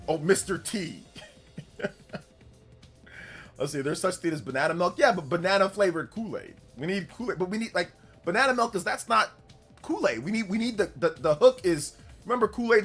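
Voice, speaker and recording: A man's voice: high-pitched, brisk, a bit bright, breathy edge, faint music behind. A young man streaming a video game live, chatting casually, rambling and repeating himself and laughing easily.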